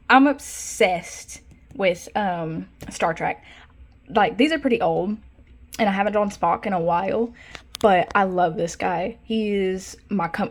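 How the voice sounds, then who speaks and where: Young woman for a casual art vlog: rambly and giggly, plenty of fillers, gets excited over her own drawings, mid-range voice. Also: medium pitch. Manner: rambling, giggly, frequent fillers and self-corrections. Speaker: art vlogger. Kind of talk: casual sketchbook tour.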